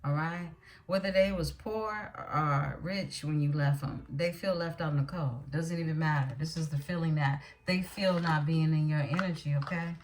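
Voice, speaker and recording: A woman's voice: low-pitched, normal speed. A woman doing a tarot card reading, blunt and emphatic, often checking in with her listeners as she goes. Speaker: tarot reader.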